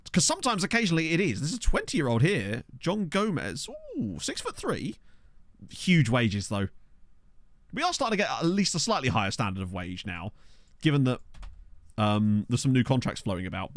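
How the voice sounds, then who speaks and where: A man casually commenting on a football management game he is playing, chatty and excitable, reacting aloud and talking to his chat. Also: mid-range voice, fairly quick, dry recording, studio quality. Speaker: streamer. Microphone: desk microphone.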